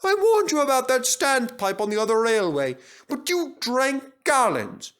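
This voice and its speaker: A man's voice: very high-pitched, very animated, measured pace, a bit bright, voice pushed up, heavily acted. A man voicing a small, eager, know-it-all male tank engine in a storybook reading, speaking in a chirpy way.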